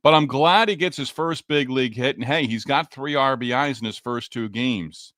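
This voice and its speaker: A man's voice: mid-range voice, moderate pace, no echo. Guy doing a solo sports podcast, talks right at you, punchy and emphatic, dry close sound. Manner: energetic, emphatic, talks straight to listeners. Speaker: podcast host.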